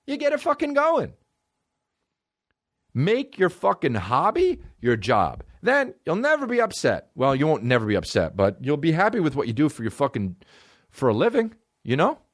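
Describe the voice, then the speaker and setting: Man ranting with wild pitch swings. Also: normal speed, dry recording, clean studio sound. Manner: profane, excitable, swings between shouting highs and low mutters. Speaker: podcast host. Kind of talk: solo comedy podcast rant.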